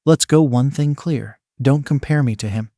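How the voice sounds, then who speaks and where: A quick-tempered teenage boy who fights with explosives snaps out his lines, as a man reads him. The voice sits at a middling pitch. It is recorded dry and close to the mic, with no room sound. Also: dark tone, no echo, close to an everyday voice. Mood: irritable. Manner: snappy, irritable. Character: hotheaded teen male explosives fighter.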